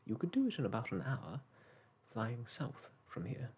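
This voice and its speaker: A man reading a storybook aloud and voicing a prim, brisk magical nanny, speaking in a crisp, matter-of-fact way. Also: medium pitch, huge pitch swings, heavily acted.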